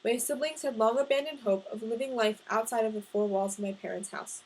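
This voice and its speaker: Lady reading her book out loud, expressive, kinda high voice. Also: brisk, breathy edge, rough recording. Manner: expressive first-person narration. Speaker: narrator reading a novel. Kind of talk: audiobook reading.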